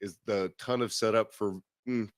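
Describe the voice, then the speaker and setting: This man hosts a podcast and talks in a casual, wandering, profane way, full of fillers and false starts. His voice is lowish with fairly even intonation and a moderate pace. There's no echo on the recording.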